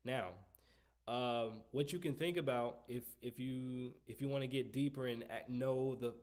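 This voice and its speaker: A man's voice: mid-range voice, fairly even intonation, measured pace, darkish tone. Male trumpet teacher, live lesson, wordy, restarts phrases, coaching. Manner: long-winded, repeats himself, coaching tone. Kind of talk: live online music lesson.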